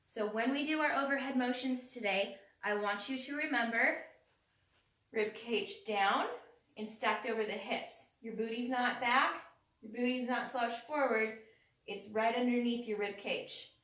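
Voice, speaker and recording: A woman's voice: a little high, a little slow, fairly bright tone. A woman in her thirties leading a live home workout, upbeat, cueing moves and counting down, a little out of breath. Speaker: fitness instructor. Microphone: phone camera from across the room. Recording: echoey room, voice far from the phone.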